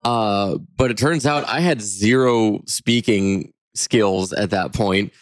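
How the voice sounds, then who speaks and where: A man's voice: lowish voice, slow pace, dry recording. A man co-hosting a casual podcast, joking and wry in his remarks. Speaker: podcast co-host. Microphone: podcast mic.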